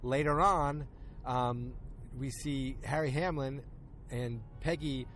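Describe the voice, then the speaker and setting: Recording outdoors in a park, a podcast host loosely recaps an episode, acting out the characters' lines in quick quotes. His voice is medium-pitched and fairly bright, with slight background noise.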